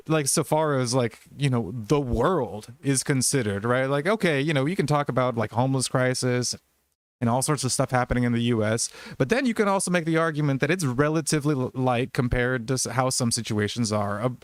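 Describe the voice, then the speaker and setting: A man's voice: medium pitch, dry recording. A man in casual political podcast chat, ranting in a heated, profane, rambling way. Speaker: podcast host.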